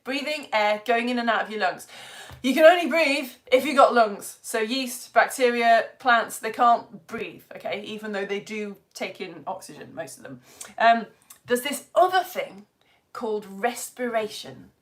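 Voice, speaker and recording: A woman's voice: fairly high pitch, unhurried. Chatty Yorkshire woman teaching science. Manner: chatty and energetic, asks the audience questions. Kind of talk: live science lesson for children.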